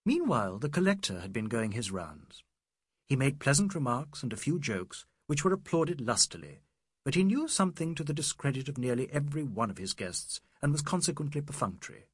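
A man narrating a literary novel in a measured, scripted reading. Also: medium pitch, slightly rough, no room sound, studio quality. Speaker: audiobook narrator.

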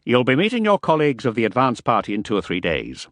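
Audiobook: male narrator playing a brisk army major, clipped and officious, close dry mic. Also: medium pitch, huge pitch swings, a bit bright, no echo, pitched above the performer's own voice. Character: brisk military major briefing mercenaries.

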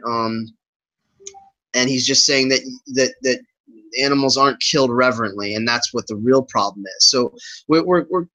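A man with a bright, forward voice talks through a disagreement on a casual podcast. He is animated and keeps quoting what each side said. His pitch sits in the middle for a man. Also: rough recording. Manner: animated, retelling an argument with quotes. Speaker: podcast guest. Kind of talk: casual conversation.

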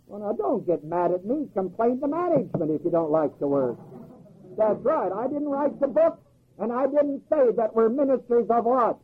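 Man, preacher, high voice, lively swooping delivery, rhetorical questions, husky, tinny phone-like recording. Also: moderate pace. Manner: folksy, emphatic, rhetorical questions, chuckles at own jokes. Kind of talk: sermon.

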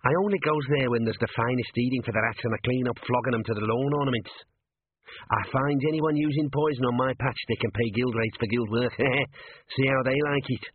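A man voicing a tiny, belligerent male gnome ratcatcher with rough, ungrammatical speech in a storybook reading. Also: medium pitch, brisk, no echo, close to an everyday voice. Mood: cocky. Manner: combative, rough working-class grammar. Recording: tinny lo-fi narrow-band audio.

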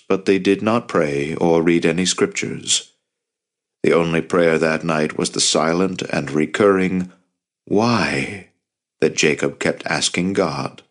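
A man reading an audiobook in scripted narration, measured and grave. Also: deep voice.

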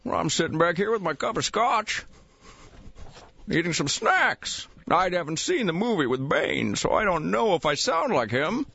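A man's voice: very high voice, huge pitch swings, bright, forceful tone, lo-fi sound, voice pushed up, heavily acted. A man putting on a playful impression of a famous Scottish actor, drawing out his words in a fake Scottish accent. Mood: smug. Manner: playful, drawn-out Scottish put-on.

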